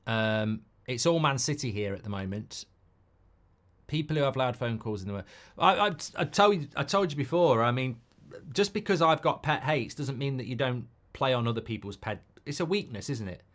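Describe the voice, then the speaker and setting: A man's voice: mid-range voice, animated, a bit bright. A middle-aged man hosting a live football watchalong, chatting casually and ranting with plenty of swearing. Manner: ranting, sweary, quick to flare up at players. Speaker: host.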